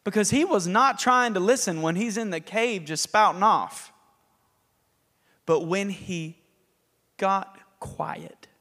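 Male pastor, lively sermon delivery, high voice, hall reverb. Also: takes it slowly, long pauses. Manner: animated, laughing, acts out scripture.

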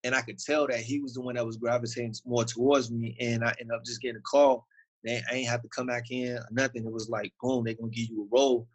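A man's voice: medium pitch, level tone, quick pace, poor audio. A young man from Virginia with a Southern accent, an actor telling stories in a casual interview, loose and slangy with lots of fillers.

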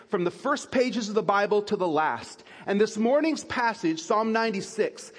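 Male pastor, fairly high voice, preaching from scripture, casual asides and restarts, long hall reverb. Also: breathy edge. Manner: reads scripture aloud, then explains with restarts and self-corrections. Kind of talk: sermon.

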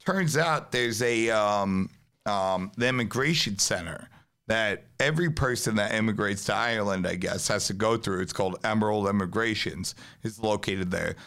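A man's voice: lowish voice, normal speed, fairly bright tone. A man with a New York accent telling a long story in casual, profane podcast chat. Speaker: podcast host, pizzeria owner.

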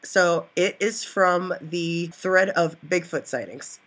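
A woman's voice: lowish voice, slow, a bit bright. A woman in her thirties co-hosting a casual podcast, upbeat and chatty, a little stuffy. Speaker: podcast co-host.

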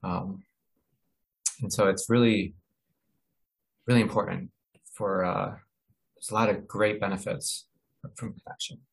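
A man presenting in a webinar, explaining ideas in a halting way with many fillers and restarts. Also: sits low, fairly even intonation, gravelly, low-quality recording. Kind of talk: informal educational talk.

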